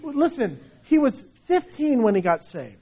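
Middle-aged male pastor with a high voice, animated anecdotal preaching; muffled lo-fi recording. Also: measured pace, slightly rough. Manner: conversational, animated storytelling with restarts. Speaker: senior pastor. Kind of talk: sermon. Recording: dull lo-fi sound.

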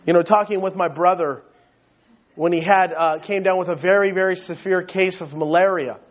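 A man's voice: high-pitched, fairly even intonation, normal speed. A male pastor preaching a sermon, earnest and emphatic, often repeating words as he builds his point, on a dull, lo-fi recording.

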